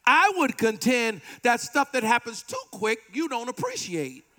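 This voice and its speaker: A man preaching a sermon with animated delivery, playful asides and call-and-response with the congregation. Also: very high-pitched, unhurried, soft background music. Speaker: pastor.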